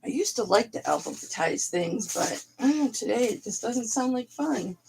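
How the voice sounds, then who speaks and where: A woman hosting a casual live selling stream, hoarse and raspy, chatty and a bit raunchy as she reads off names. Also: a little high, expressive, normal speed, a little mellow, slight background noise, low-quality recording. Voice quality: raspy throat. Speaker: live-sale host.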